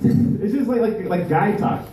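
A male stand-up comedian performing a live set, rambling and halting, with many restarts. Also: high voice, dark tone, slight background noise. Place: live comedy venue with audience. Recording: echoey room, voice far from mic.

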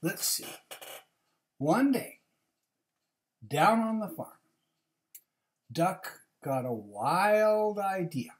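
A woman reads a children's picture book aloud, stopping often to chat with her young listeners. Her voice is low but swings widely in pitch, and she takes her time. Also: sing-song, very slow, long pauses. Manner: chatty asides to young listeners. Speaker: reader.

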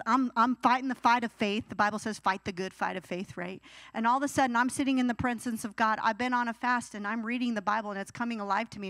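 Animated woman preaching, dry close sound. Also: fairly high pitch, no room sound. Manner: animated, acts out whiny teenage voices. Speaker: youth pastor. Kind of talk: sermon.

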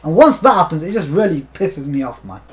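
Young man, gameplay commentary, frequent swearing, angry outbursts, high animated voice. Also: fairly quick, slight background noise. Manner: swears a lot, bursts into shouting at the game. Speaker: gaming YouTuber.

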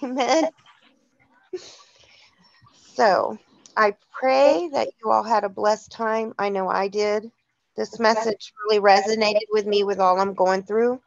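A woman's voice: mid-range voice, steady tone, slow pace, creaky, pauses often, dry recording. A woman leading a casual Bible study, chatty and laughing, often restarting her sentences. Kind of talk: casual church study talk. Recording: dull lo-fi dry sound.

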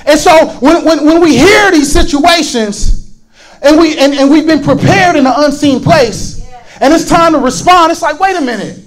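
Male preacher with a very high voice and a fiery, shouting delivery that stumbles over repeated words. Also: moderate pace, poor audio. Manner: fervent, shouting, repeats words when worked up. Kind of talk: fiery sermon.

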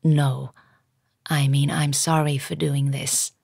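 A woman voicing a tall, weary gentleman with a drawling upper-class English accent, talking in a bored, soft, half-whispered way. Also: low-pitched, flat delivery, vocal fry, slightly rough, no echo, studio quality, full character voice. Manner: bored, unhurried. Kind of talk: audiobook character voice.

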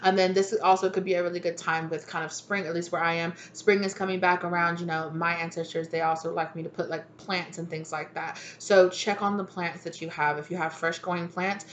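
A woman's voice: fairly low pitch, level tone, fairly quick, hardly any pauses, fairly bright tone, slight background noise. A woman tarot reader giving casual spiritual guidance. She rambles in a chatty way and keeps tagging on "you know" and "right?".

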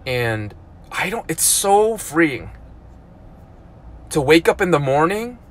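A man in his thirties talking casually on a live stream, animated and full of "dude" and "like", with loud outbursts and mumbled asides. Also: fairly high pitch, slow. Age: 30s. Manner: lots of "like" and "dude", repeats himself. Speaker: vlogger.

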